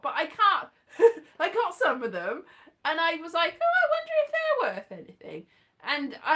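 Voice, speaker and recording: A woman's voice: fairly high pitch, bright, forceful tone. A woman rambling through a casual monologue, chatty and digressive with playful asides. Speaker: vlogger.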